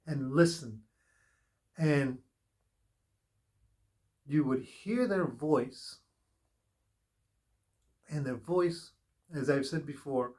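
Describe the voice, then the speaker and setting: A man giving a casual spiritual tarot reading, talking slowly with many pauses and fillers. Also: a little high, a little mellow. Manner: slow, unhurried, with pauses and fillers. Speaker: tarot reader.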